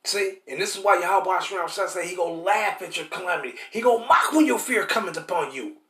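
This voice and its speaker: A high-voiced man preaches emphatically in a street-style scripture lesson, talking fast in a pushed, bright voice. He repeats himself and keeps asking "See?", stammering and restarting as he hunts for words. The recording has a roomy echo.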